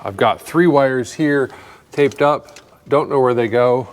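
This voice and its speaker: Slow-talking man in an echoey garage. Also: medium pitch. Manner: rambling, thinks aloud with fillers; dry, self-mocking humor. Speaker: mechanic working on a customer's truck. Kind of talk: casual workshop walkthrough.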